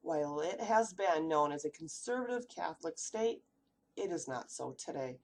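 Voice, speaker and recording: A woman's voice: low voice, animated, normal speed, darkish tone. A woman from the United States giving a read-aloud class presentation, asking rhetorical questions as she goes. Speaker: student presenter.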